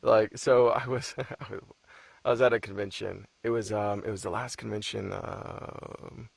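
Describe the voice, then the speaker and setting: Gravelly laid-back man telling stories. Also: fairly low pitch, steady tone, measured pace, no echo. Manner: laid-back, swears freely, laughs while telling stories. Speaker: audiobook narrator. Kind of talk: casual chat.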